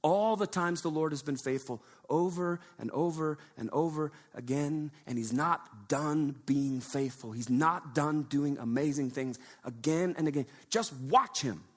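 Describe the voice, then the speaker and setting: A man with a fairly high voice preaches to his congregation in a church. His delivery is conversational and animated, full of asides and questions to the room. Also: a little slow, few pauses. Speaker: pastor. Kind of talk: sermon. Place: church sanctuary.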